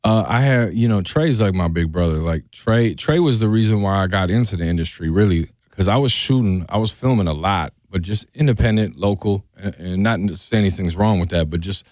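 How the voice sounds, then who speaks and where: A man from the Milwaukee area, a music videographer, talking as a guest on a radio show in an enthusiastic, slangy, halting way. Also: deep voice, a little mellow, dry recording, clean studio sound. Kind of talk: casual radio interview chat. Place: radio studio.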